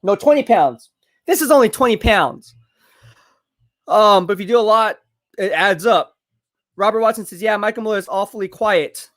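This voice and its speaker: A high-voiced man hosting a live stream, talking in a hyped, chatty way and reading out comments from viewers. He sounds a little out of breath, as if he is exercising while he talks. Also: moderate pace, pauses often, a bit bright. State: out of breath from curls. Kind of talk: live draft watch party, reading chat.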